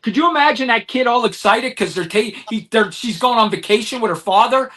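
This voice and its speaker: A man's voice: extremely high pitch, fairly quick, few pauses, sharp tone. A man co-hosting a podcast, talking emphatically and getting heated in casual chat. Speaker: podcast co-host.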